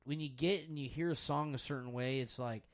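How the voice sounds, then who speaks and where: A man's voice: mid-range voice, fairly even intonation, a little fast. A young man hosting a podcast, chatting casually and swearing loosely while he watches a basketball game. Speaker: podcast host.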